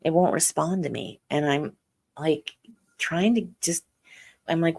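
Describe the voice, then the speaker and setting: A middle-aged woman, a podcast guest, telling a personal story slowly and haltingly, with many fillers and restarts. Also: low-pitched, vocal fry, a little mellow.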